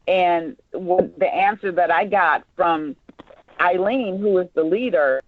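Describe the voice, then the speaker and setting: A director giving casual rehearsal notes to actors, animated and repeating lines to show how they should sound. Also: mid-range voice, slow pace. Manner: animated, acts out lines mid-explanation. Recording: dull, dry lo-fi audio.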